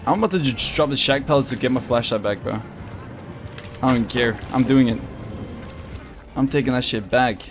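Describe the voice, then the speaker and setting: A man giving casual, excitable gameplay commentary, swearing often and talking to his opponent. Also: medium pitch, normal speed, pauses often, music in the background. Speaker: gaming video creator.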